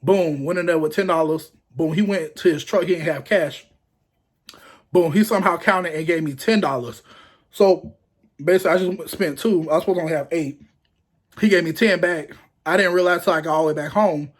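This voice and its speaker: A young man casually telling a story to the camera, animated and acting out what people said, laughing often. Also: a little high, a little fast. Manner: animated, acts out quotes in raised voices, laughs often.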